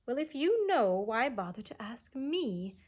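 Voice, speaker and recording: A woman's voice: on the high side, sing-song, unhurried, a little mellow. A woman voicing a prim, haughty nanny who answers in short, curt phrases. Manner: clipped and haughty.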